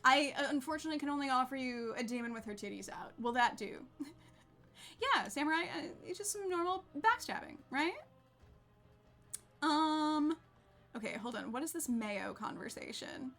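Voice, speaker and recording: Bubbly high-voiced woman streamer. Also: animated, normal speed, sharp tone, soft background music. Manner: bubbly, chatty, laughs often. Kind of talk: casual gameplay chat with viewers.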